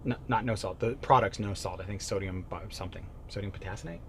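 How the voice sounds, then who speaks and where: A man giving a motivational sales-coaching talk, emphatic and animated, jumping from loud bursts to quiet asides. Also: lowish voice, fast talker, slight background noise. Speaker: real estate sales coach.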